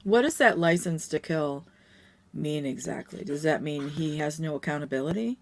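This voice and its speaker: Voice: mid-range voice, animated, moderate pace, vocal fry. A speaker in a casual live-stream chat who playfully asks teasing questions.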